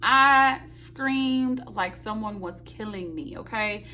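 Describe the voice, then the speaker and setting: A young woman tells a story to her vlog viewers in a bright, slightly high voice. She is animated and dramatic, calling her viewers y'all and acting out her own reactions in loud high bursts. A faint hum sits under the recording. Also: slow pace. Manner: talks straight to viewers, calling them y'all. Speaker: nursing student vlogger.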